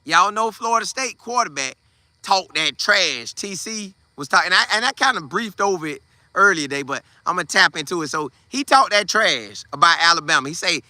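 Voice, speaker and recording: A man hosting a casual football commentary show, talking in an animated, slangy way. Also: sits high, a little fast, no echo. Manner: animated, trash-talking, Southern Black vernacular slang. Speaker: sports podcast host.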